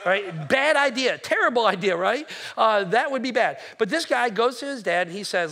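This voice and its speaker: A man preaching a sermon, telling stories with animated energy and rising to near shouting. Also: extremely high pitch, fairly quick, hardly any pauses. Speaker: pastor.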